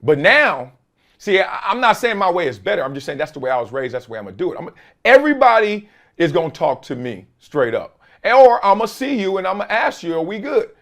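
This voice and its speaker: A man's voice: sits high, very animated, fast, fairly bright tone. A middle-aged man hosting a sports talk show, giving emphatic solo commentary full of slang and laughter.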